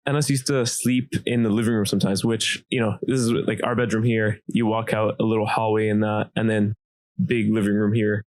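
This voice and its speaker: A man co-hosting a podcast, telling a childhood story in a casual, animated way with lots of fillers. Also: on the low side, normal speed, no room sound. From Dubai. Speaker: podcast co-host.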